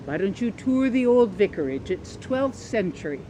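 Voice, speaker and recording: A woman voicing a courteous English male tour guide with an English accent, soft and easygoing. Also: medium pitch, very animated, normal speed, slight background noise, close to an everyday voice, rough recording.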